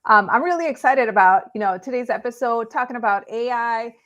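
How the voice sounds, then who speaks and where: A woman's voice: a little high, a little fast, a bit bright, muffled recording. A woman from Los Angeles, a real estate agent and content creator, talking in a friendly, upbeat way as a guest on a live online show. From Los Angeles, California. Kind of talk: conversational interview.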